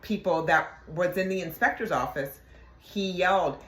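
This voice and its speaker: A middle-aged woman, a former police detective, telling a workplace story in a halting way, with many fillers and asides. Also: fairly low pitch, fairly bright tone. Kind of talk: casual storytelling. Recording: echoey room.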